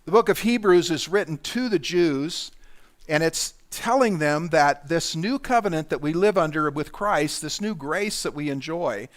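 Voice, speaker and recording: A man's voice: a little high, lively intonation, normal speed. A middle-aged man preaches in a slightly raised register. He talks to the congregation conversationally, with asides and self-corrections. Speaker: pastor. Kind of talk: sermon.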